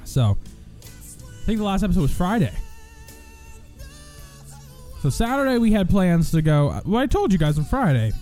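A man's voice: high voice, sing-song, brisk, warm tone, faint music behind. A young man hosting a radio show in casual chat, rambling and self-mocking, now and then breaking into joking country singing.

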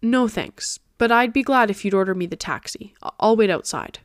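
A woman's voice: medium pitch, animated, normal speed, no echo, clean studio sound, lightly acted. A woman voicing a weary, subdued young man in an audiobook reading. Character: weary young man, quiet narrator's self.

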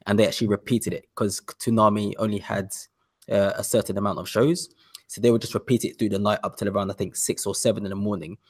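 A man from the UK tells a story on a podcast with a fairly low voice. He rambles eagerly, repeating himself as he goes. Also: husky. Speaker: podcast guest. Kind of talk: casual chat.

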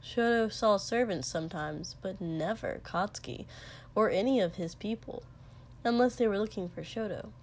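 A woman reading a fiction story aloud as narrator, in a slow, even storytelling manner. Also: medium pitch, a little hiss or hum. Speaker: reader.

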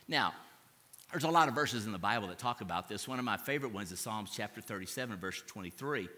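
A man's voice: medium pitch, very animated, fairly quick, bright, forceful tone. A male pastor preaching a sermon, telling a story dramatically and acting out the audience's reactions. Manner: asks the congregation to repeat after him. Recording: long reverb of a large hall.

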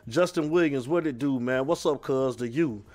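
A man's voice: mid-range voice, normal speed, darkish tone. A man hosting a sports talk show, taking calls and reading messages in a loose, streetwise manner, saying "man" over and over.

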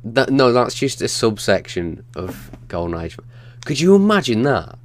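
A man's voice: mid-range voice, sing-song, a little slow. A young man co-hosting a gaming podcast, blunt, sweary and teasing in casual chat. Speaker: podcast co-host.

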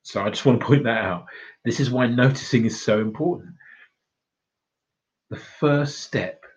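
A man's voice: medium pitch, normal speed. A man giving a casual self-development talk, blunt and swearing freely, laughing at his own points. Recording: dull lo-fi recording.

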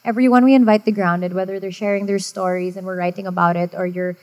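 A woman's voice: medium pitch, steady tone, quick pace, a little mellow, dull audio. Woman co-host, earnest and reflective, casual podcast talk.

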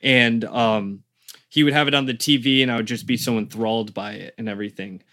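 A man's voice: medium pitch, steady tone, a little fast, a bit bright. A young man from Connecticut chatting casually as a podcast guest, rambling with lots of fillers. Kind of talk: casual chat.

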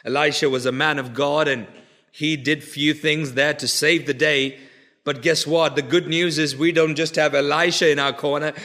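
A man preaching a sermon, swinging from loud urgent pleading to hushed, low intensity with lots of repetition. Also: fairly even intonation, normal speed.

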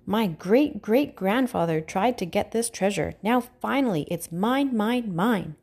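A woman's voice: medium pitch, lively intonation, a little slow, a little mellow, husky. Woman doing a gloating pirate captain. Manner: crowing, triumphant.

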